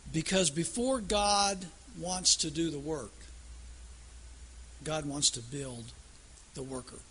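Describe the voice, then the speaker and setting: A man's voice: on the high side, takes it slowly, fairly bright tone, a little hiss or hum. A man preaching a sermon in a folksy storytelling way that builds to emphatic declarations.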